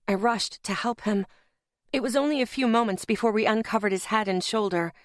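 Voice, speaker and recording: Casting: woman, mid-pitched, first-person audiobook narrator, tense dramatic read, dry close sound. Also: a little fast, dry recording.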